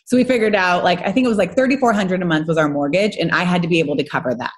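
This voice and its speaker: A woman in her thirties, a guest in casual podcast chat, talking in a chatty, animated way with lots of fillers and quick laughs. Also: on the low side. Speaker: guest, home organizing business owner.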